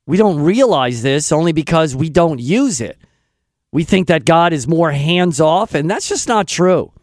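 A man's voice: on the high side, animated, measured pace, dry recording, clean studio sound. A man hosting a talk radio show, speaking in an emphatic, opinionated and rambling way.

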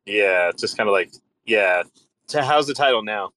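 Low-ish guy hosting a crypto space, laid back, voice bounces around a lot. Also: normal speed, no echo, rough recording. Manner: relaxed, laughs easily. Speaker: host of crypto audio space. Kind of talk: casual banter.

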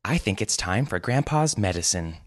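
A man's voice: sits low, steady tone, brisk, natural voice. A man voicing a middle-aged wife who speaks in a too-sweet, cold tone in a story reading. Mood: falsely sweet.

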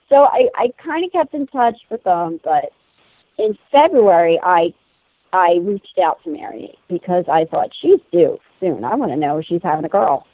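A woman in her thirties tells a personal story in lively conversation, laughing and acting out what others said. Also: on the low side, unhurried, no room sound. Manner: animated, laughing, acts out quoted voices. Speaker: guest telling a personal story. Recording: tinny phone-like sound.

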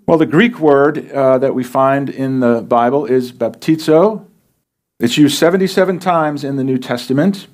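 A man's voice: medium pitch, darkish tone. A pastor preaching a sermon in a plain, conversational way, asking his listeners questions as he explains scripture.

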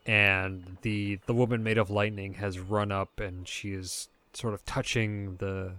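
Slow, low-voiced game master man. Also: no room sound. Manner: relaxed, rambling description with fillers. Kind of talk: narrating a tabletop game.

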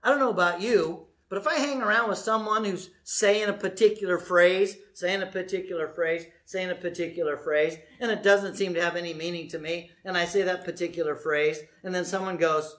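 A male pastor preaching a sermon in a lively, conversational way, often asking the congregation questions. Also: sits high, fairly quick, few pauses. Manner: animated, conversational, asks the audience questions.

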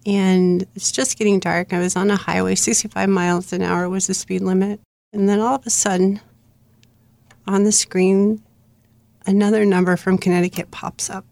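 Gravelly middle-aged woman telling her story. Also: medium pitch, moderate pace, no room sound. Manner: earnest, plain-spoken, steady narration. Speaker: memoir author guest. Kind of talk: personal storytelling interview.

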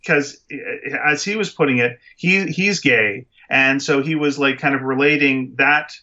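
A man's voice: mid-range voice, unhurried, pushed and bright, muffled recording. A man co-hosting a podcast, chatting casually about a movie in a rambling, emphatic way full of restarts. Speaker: podcast co-host. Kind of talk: casual movie review chat.

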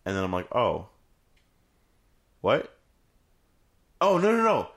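A man's voice: lowish voice, huge pitch swings, slow, a bit bright. A man co-hosting a podcast, chatting casually and swearing, acting out lines in silly voices. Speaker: podcast co-host. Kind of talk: casual chat about a video game.

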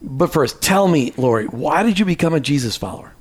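A man's voice: on the high side, expressive, fairly quick, slightly rough. A man co-hosting a faith and work podcast, introducing guests with playful, teasing asides. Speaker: podcast co-host. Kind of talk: casual chat.

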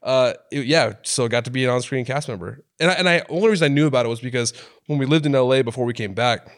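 A man's voice: mid-range voice, fast talker. A man in his thirties from Oregon, telling a story on a podcast in casual chat and acting out the people he quotes. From Oregon, USA. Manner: animated storyteller who acts out quotes in shifting voices.

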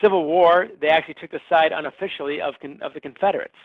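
Author on a tinny phone-like line. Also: male voice, a little high, fairly even intonation, fast talker, no echo. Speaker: author guest. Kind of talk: interview answers.

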